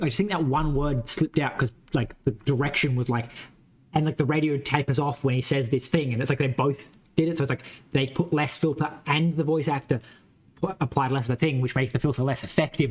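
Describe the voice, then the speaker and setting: Casual game-dev streamer, a man with a light West Australian accent who rambles, thinks out loud and swears offhand. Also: mid-range voice. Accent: mild West Australian. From Western Australia. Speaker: game developer streaming his coding. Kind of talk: casual live-coding chat.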